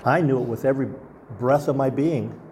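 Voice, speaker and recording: A man's voice: mid-range voice, brisk, a little mellow, a little hiss or hum. A man preaching a sermon as pastor, earnest and asking the congregation rhetorical questions.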